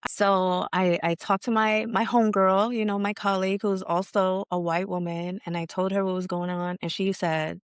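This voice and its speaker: A woman who founded a leadership organization appears as a podcast guest, telling her story candidly and casually with slang and some swearing. Her mid-range voice is steady, at normal speed with few pauses, in a clean studio recording with a clean tone and no room sound.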